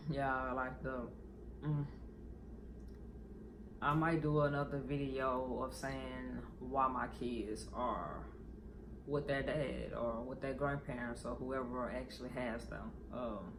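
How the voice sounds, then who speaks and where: Gravelly man venting in a vlog. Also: medium pitch, fairly even intonation, slow pace, background noise. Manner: rambling, profane, candid. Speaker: vlogger. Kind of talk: emotional personal vlog.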